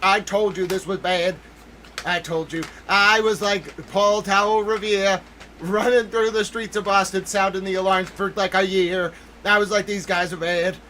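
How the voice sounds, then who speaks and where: A man hosting a livestream, talking in an excitable, emphatic way and greeting chat members by name. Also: high voice, normal speed, slight background noise, rough recording. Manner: excitable, emphatic, keeps repeating "listen to me". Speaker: livestream host. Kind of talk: livestream commentary.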